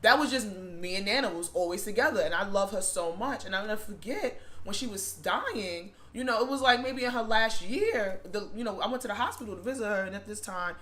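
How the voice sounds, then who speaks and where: Bright-voiced heartfelt storyteller. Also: medium pitch, fairly quick, few pauses. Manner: rambling, heartfelt, repeats itself with many fillers. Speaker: spiritual shop owner and vlogger. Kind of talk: casual storytime monologue.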